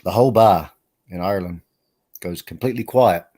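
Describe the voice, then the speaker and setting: A man's voice: deep voice, a little fast, darkish tone. A man hosting a live stream, chatting casually in a rambling, self-deprecating way and laughing often. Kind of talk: casual chat.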